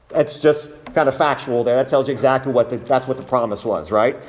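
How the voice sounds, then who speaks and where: A man's voice: mid-range voice, quick pace, few pauses, a little mellow. A man preaching an expository sermon, reading scripture and speaking earnestly and emphatically to his congregation.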